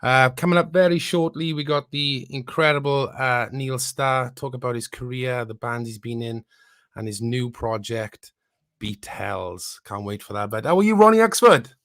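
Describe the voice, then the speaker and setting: A man hosting a podcast, opening the episode and bantering in a relaxed, upbeat way over a video call. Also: mid-range voice, normal speed, dry recording, clean studio sound. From Wales. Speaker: podcast host. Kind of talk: casual chat.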